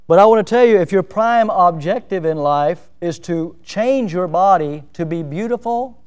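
Middle-aged male pastor, high clear voice, emphatic sermon delivery with self-deprecating humor. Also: lively intonation, moderate pace, few pauses, darkish tone. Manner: preaching with rising, emphatic outbursts.

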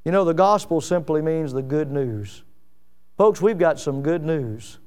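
A man's voice: a little high, animated, unhurried, darkish tone, clear, resonant tone. A man preaching a sermon in an emphatic cadence that rises and falls, often repeating his key phrases.

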